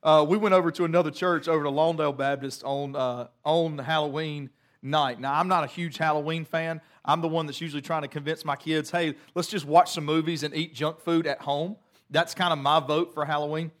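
Lively, chatty middle-aged pastor. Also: male voice, a little high, a little fast. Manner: chatty storytelling, self-deprecating, animated. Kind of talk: sermon.

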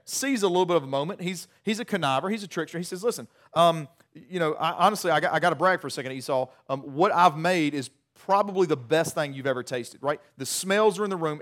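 A man's voice: a little high, a bit bright. A man preaching a sermon, retelling a Bible story in a casual, humorous way with frequent restarts.

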